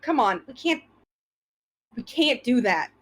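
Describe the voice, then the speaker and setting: A woman voicing a calm, reasonable male stable hand who talks his partner down. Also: a little high, slow, poor audio.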